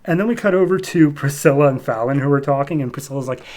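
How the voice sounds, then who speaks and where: Chatty man recapping a comic. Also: medium pitch. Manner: relaxed, chatty, acts out characters' lines in quick voices. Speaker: comic book podcast host.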